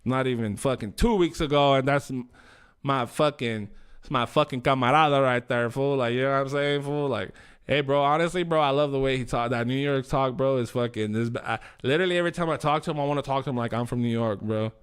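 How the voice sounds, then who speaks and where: A man's voice: medium pitch, brisk, clean tone. A man hosting a livestream, chatting casually slang, swearing and rambling. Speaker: livestream host.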